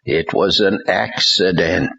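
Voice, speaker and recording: A man voicing an older ousted male pastor who talks slowly, falteringly, and forcefully. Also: low voice, vocal fry, breathy edge, muffled recording, full character voice.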